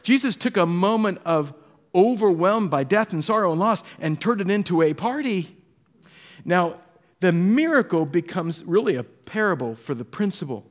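A man preaching a sermon as a pastor, telling stories with acted-out quotes, moving between hushed and animated delivery. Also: sits high, normal speed.

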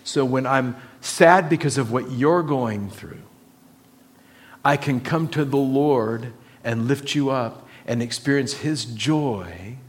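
Male pastor, mid pitch, unhurried emphatic sermon delivery. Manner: slow, emphatic preaching with repeated phrases.

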